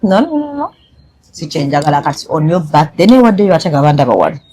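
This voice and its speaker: A woman's voice: sits low, very animated, quick pace, crowd noise. A woman hosting a casual chat, switching between English and Luganda, teasing and then apologetic. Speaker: host.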